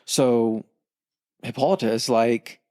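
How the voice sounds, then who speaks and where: A man of middle pitch retells an old myth as casual podcast chat, cursing freely and joking around. He drops into quick impressions of the characters without breaking stride. The sound is dry and close, with no room echo. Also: steady tone, a little mellow. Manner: profane, jokey retelling with quick character voices. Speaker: podcast co-host.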